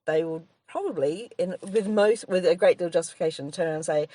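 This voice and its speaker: Australian woman comic, low-pitched, dry-miked podcast co-host who rambles and laughs. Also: fast talker, warm tone, no echo. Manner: rambling, laughs often, trails off and restarts. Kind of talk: casual chat.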